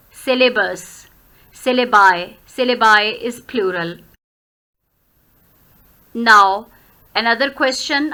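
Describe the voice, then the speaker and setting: A woman teaching a grammar lesson, explaining words one by one in a slow, deliberate way. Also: on the high side, pushed and bright. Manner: slow, deliberate word-by-word explaining, switching into Hindi. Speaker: English teacher.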